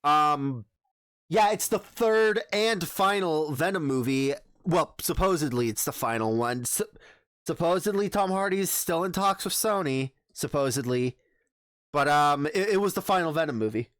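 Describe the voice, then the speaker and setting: A man's voice: a little high, expressive, normal speed, fairly bright tone, no echo, studio quality. A man hosting a casual podcast, chatting in a rambling way with many restarts. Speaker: podcast host.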